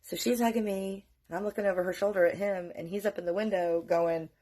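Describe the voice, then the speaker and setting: A woman from North Carolina telling a story in a casual, profane, animated way, often laughing. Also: mid-range voice, a little fast. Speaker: vlogger.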